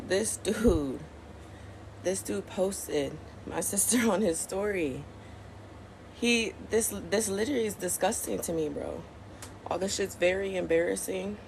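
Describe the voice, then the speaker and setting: A woman's voice: on the low side, vocal fry, darkish tone, slight background noise. A young woman venting tearfully to her phone at home, blunt, profane and rambling. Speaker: social media vlogger. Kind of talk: emotional venting vlog. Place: at home early morning.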